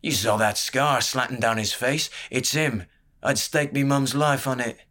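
A man voicing a greedy, gruff male mercenary cutthroat in an audiobook. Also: mid-range voice, measured pace, sharp tone, pitched above the performer's own voice. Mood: eager.

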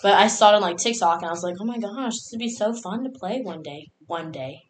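A woman's voice: mid-range voice, fast talker, a little hiss or hum. A young woman co-hosting a podcast in casual chat. She is giggly and chatty, with lots of 'like' and swearing. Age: young adult. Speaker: podcast co-host. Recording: echoey room.

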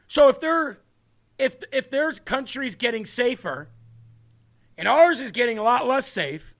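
A man's voice: extremely high pitch, expressive, a little slow, a bit bright. A man hosting a political talk show, rambling and sarcastic as he speaks to the audience. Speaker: show host.

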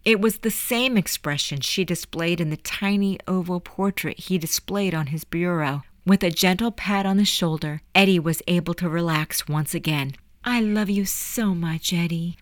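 A woman narrating a dark audiobook chapter dramatically and expressively. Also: lowish voice, moderate pace, hardly any pauses, dry recording. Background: faint background music.

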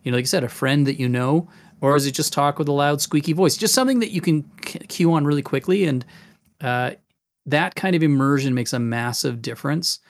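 Casual podcast host, game master, animated, slightly high voice. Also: male voice, brisk. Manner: animated, demonstrative, jumps into voices.

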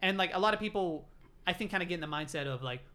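A man's voice: high voice, racing, bright, forceful tone. A man in casual podcast chat who agrees eagerly and swears freely as he tells his own stories. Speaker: podcast co-host.

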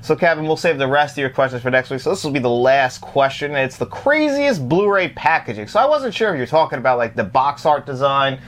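A man's voice: mid-range voice, a little fast, hardly any pauses. A man co-hosting a casual show about movies on disc, chatting and joking with lots of laughter. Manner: laughs often, animated and joking. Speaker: co-host of a physical media show. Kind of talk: casual chat.

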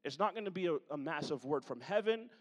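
A man's voice: on the high side, expressive, fast. A man preaching a conversational sermon to his congregation, with joking asides. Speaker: pastor. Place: church sanctuary. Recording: long hall reverb.

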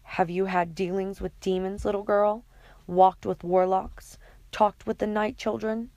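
A woman reading the lines of a cocky young man in an audiobook, quiet and even with a hint of menace. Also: medium pitch, measured pace, no echo, natural voice. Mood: cool.

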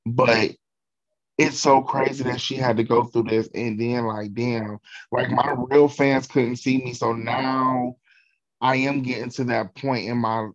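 A man's voice: medium pitch, steady tone, unhurried, dull audio, a crowd in the background. A man from Ohio, talking in an emotional, effusive way with casual swearing during a chat.

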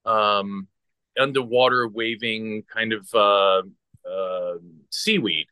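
Earnest man caller, halting delivery, bright forceful tone. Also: fairly low pitch, fairly even intonation, clear, resonant tone, no echo. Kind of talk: personal storytelling on a video call. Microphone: video call.

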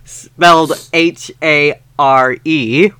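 Slow, bright-voiced young man reading melodramatically. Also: on the high side, steady tone, smooth, no echo. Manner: mock-dramatic, reading with theatrical overacting and laughing. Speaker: podcast host reading fan fiction aloud. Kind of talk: comedic dramatic reading.

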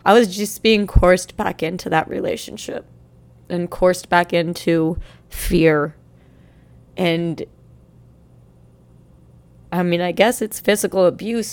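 A young woman telling a personal story in a halting, emotional way, close to tears at times. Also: fairly low pitch. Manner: halting, emotional, with many restarts.

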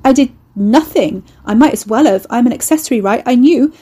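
A woman voicing Carrie, a frightened young woman who speaks in a shaky, halting way. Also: a little high, expressive, warm tone, breathy edge. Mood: distraught.

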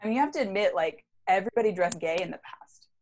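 A woman's voice: medium pitch, quick pace, darkish tone. A woman co-hosting a podcast in casual chat, chatty and full of fillers. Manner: chatty, uses many fillers, laughs easily. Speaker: podcast co-host.

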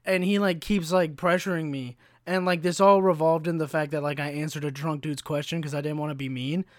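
A man's voice: fairly high pitch, fairly even intonation, a little fast, no echo, studio quality. A young man in his twenties, telling a rambling, profane story on his podcast, with plenty of likes and ums. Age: 20s. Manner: rambling, profane, full of fillers. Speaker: podcast host. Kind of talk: casual storytelling monologue.

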